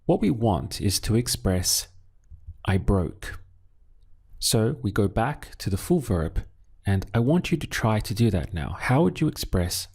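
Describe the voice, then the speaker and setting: A man teaching Spanish, patiently drilling phrases and repeating each word slowly. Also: fairly low pitch, darkish tone. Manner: slow, patient, deliberate drilling with repeated words. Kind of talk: language lesson with drills.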